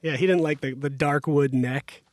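A man's voice: a little high, steady tone, moderate pace, a little mellow, dry recording, studio quality. A man co-hosting a podcast, chatting casually and telling anecdotes. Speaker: podcast co-host. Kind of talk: casual chat.

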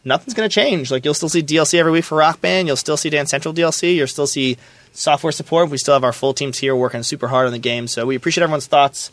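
A man co-hosting a casual podcast, talking in a relaxed, reassuring way. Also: fairly high pitch, quick pace, dry recording. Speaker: podcast co-host and studio staffer.

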